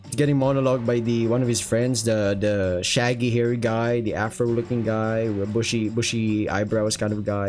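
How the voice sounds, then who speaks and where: A man's voice: fairly low pitch, level tone, normal speed, darkish tone, soft background music. A young man giving casual, rambling manga commentary at home, swearing freely and filling gaps with filler words. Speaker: manga reviewer. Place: home room with windows.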